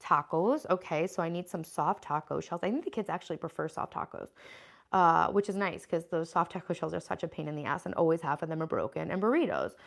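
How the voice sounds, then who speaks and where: A woman's voice: on the low side, lively intonation, brisk, creaky. Thirties woman host, loose talky livestream delivery, lots of ums. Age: 30s. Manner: chatty, scattered, frequent "um" and "like" while listing groceries. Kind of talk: casual livestream chat, reading viewer comments.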